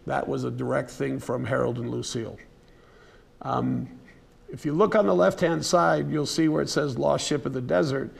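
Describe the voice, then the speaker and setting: A man with a very gravelly, rough-edged voice gives an unscripted talk at a museum. His voice is husky rather than clean, and he speaks at an ordinary middle pitch. He tells the story in a folksy, conversational way, with plenty of ums and restarts and an occasional throat-clear. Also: steady tone, normal speed. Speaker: presenter giving a museum lecture. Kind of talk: casual unscripted lecture storytelling. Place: museum presentation room.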